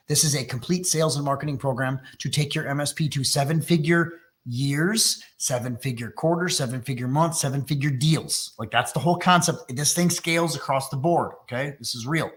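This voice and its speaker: Upbeat man from Texas, sales-webinar host, higher-pitched voice, quick salesy patter. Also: fairly bright tone. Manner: fast, enthusiastic salesy delivery.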